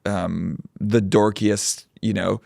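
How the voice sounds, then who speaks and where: A man's voice: lowish voice, level tone, slow pace, creaky, warm tone, dry recording, studio quality. A man co-hosting a podcast in casual comedic chat, riffing with wry jokey asides. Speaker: podcast co-host.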